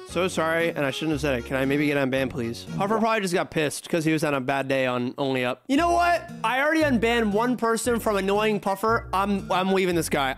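Tipsy swearing male streamer, lively pitch. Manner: swearing, joking, quick to laugh. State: getting tipsy from drinking. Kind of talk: casual livestream chat, reading ban appeals aloud. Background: music playing.

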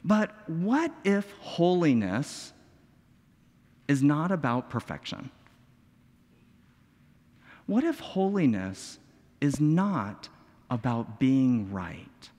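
A man preaching a sermon in a church sanctuary, with a lively voice that swings up and down. He talks slowly, using rhetorical questions and dramatic pauses. His voice rings with long reverb through the hall. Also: a little high. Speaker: pastor.

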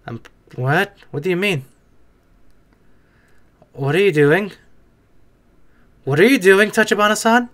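High-voiced young man reacting casually. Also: expressive, takes it slowly, long pauses, fairly bright tone. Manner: chatty, talks back at the screen, swears casually. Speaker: reaction video host.

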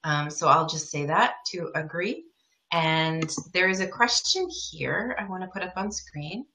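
Bright low-voiced woman in an echoey room. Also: measured pace, slight background noise. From northern United States. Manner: thoughtful, with many fillers. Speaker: co-host. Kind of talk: casual advice talk.

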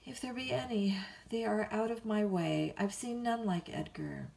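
A woman reading a bedtime story, voicing a willful, petulant young woman of twenty-two who pleads and flares up quickly. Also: medium pitch, creaky, darkish tone, pitched above the performer's own voice, natural voice.

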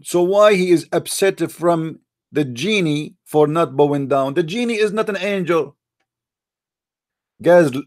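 A man's voice: fairly high pitch, darkish tone. Mocking, argumentative male live-stream host. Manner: mocking and argumentative, piles up rhetorical questions to viewers; non-native English grammar, frequent restarts. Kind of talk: live-streamed religious debate commentary.

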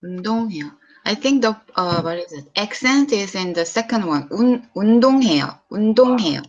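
Korean-accented woman, Korean teacher in a casual lesson, repeats words clearly for the student, mid pitch, slightly muffled audio. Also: expressive, a bit bright. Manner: mixes English and Korean, models slow clear pronunciation.

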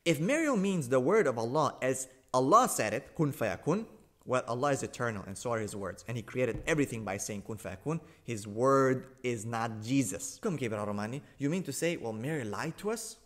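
A man with a mid-range voice argues in a lecturing monologue. He is sarcastic and emphatic, and he repeats his points to drive them home. His voice jumps sharply in pitch and loudness for emphasis. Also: animated, brisk. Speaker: religious commentator rebutting a video. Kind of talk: argumentative monologue.

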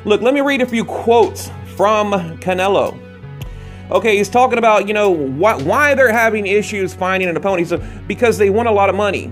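Male boxing vlogger, high voice, rambling late-night rant with restarts. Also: a little fast, soft background music. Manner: rambling, rants with frequent restarts. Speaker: boxing channel host. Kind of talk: casual ranting commentary. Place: late-night home recording.

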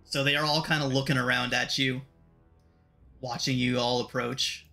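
Bright-voiced male game master. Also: medium pitch, normal speed, soft background music. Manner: relaxed, filler-heavy narration. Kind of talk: narrating a tabletop game.

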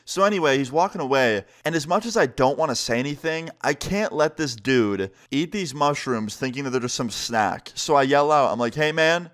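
Animated young man telling a story. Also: mid-range voice, moderate pace, hardly any pauses. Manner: animated, slangy, swears freely. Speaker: storyteller vlogger. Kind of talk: casual story time.

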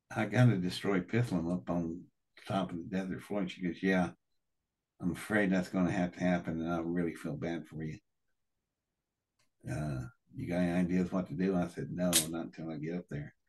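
A man's voice: deep voice, breathy edge. An older man as an interview guest, telling a personal story with strong feeling, acting out the dialogue and swearing now and then. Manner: animated, acts out quoted dialogue, swears. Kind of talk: emotional first-person storytelling.

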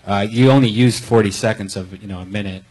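A man on a live comedy panel with a low, husky voice. He talks fast and rambles loosely through his feedback. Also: steady tone, a little mellow, poor audio.

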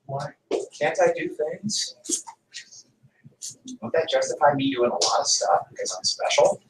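A man's voice: a little high, very animated, moderate pace, a bit bright, a little hiss or hum. A man teaching a history class, lecturing emphatically and firing rhetorical questions at the students. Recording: echoey room, from far off.

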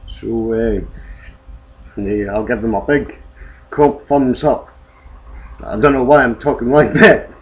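Slow, rambling British man on a lo-fi recording. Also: medium pitch. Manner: rambling, hesitant, self-amused. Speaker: comedy vlogger. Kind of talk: improvised comic vlog. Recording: dull lo-fi home recording, faint noise.

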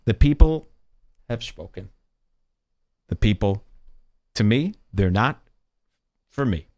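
A man's voice: fairly high pitch, a bit bright, clear, resonant tone. A man hosting a podcast, delivering a rambling, mock-serious comedic monologue with sarcastic, theatrical swings in his voice. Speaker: podcast host.

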